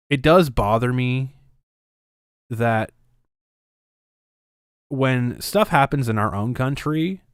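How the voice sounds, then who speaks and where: A man's voice: on the low side, smooth, no echo, studio quality. A Canadian man co-hosting a casual podcast, ranting sarcastically with frequent swearing and laughter. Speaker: podcast co-host.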